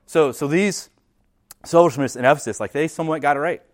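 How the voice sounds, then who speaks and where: A man preaching a sermon in a church in a conversational way, often repeating words and checking in with "right?". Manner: reads scripture aloud slower and lower. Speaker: pastor. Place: church sanctuary.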